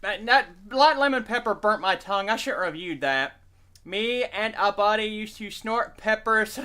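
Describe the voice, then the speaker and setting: Man, live streamer, rambling, profane, lively pitch. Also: normal speed, clean tone. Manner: rambling, profane, animated, reads chat aloud. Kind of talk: casual live-stream chat.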